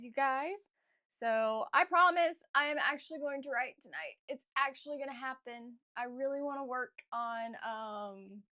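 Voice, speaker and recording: A woman's voice: fairly high pitch, sharp tone. A woman author chatting casually to viewers on a livestream, rambling with many fillers and restarts and often addressing them as "you guys.". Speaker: author livestreaming a writing session.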